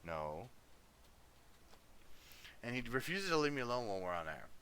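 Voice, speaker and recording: A man's voice: medium pitch, sing-song, moderate pace, bright, forceful tone, slight background noise. A male livestreamer chatting casually, easygoing, coaxing and scolding his dog between music talk.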